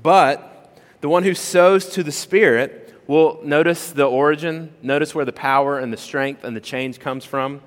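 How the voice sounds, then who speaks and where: A male pastor preaching a sermon in a conversational, animated way, full of rhetorical questions. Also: a little high, a little slow. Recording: long reverb of a large hall.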